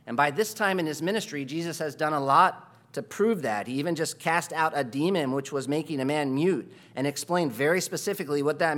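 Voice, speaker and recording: Bright-voiced emphatic male preacher. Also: on the high side. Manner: emphatic, rhetorical questions, swings between quiet and loud. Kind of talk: sermon.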